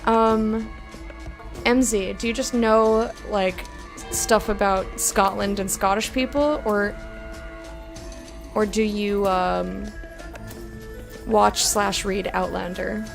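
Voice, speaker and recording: A woman's voice: mid-range voice, steady tone, slow pace, gravelly, long pauses, music in the background. A woman streaming a game, chatting casually with her viewers and reading their messages aloud, giggly and easygoing. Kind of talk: casual live-stream chat while playing.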